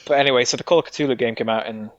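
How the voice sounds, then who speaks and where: A podcast guest talks rapid-fire in a mid-range voice, chatting casually as he rambles through a game review. He restarts often and swears, and the recording sounds dull and dry.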